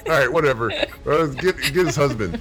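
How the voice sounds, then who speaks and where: A man's voice: mid-range voice, expressive, a little fast. A man co-hosting an improv comedy show, laughing through his lines and blustering as a goofy villain. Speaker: co-host.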